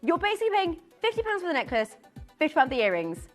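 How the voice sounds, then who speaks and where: A woman presenting live on a shopping channel, excitable and giggly, often tripping over her words. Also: very high voice, fast, faint music behind. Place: TV studio.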